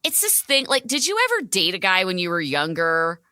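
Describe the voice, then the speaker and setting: Lively, bright-voiced woman guest ranting. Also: lowish voice, fairly quick, dry recording, studio quality. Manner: ranting, blunt, swears freely. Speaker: podcast guest. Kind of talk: casual chat recapping reality TV.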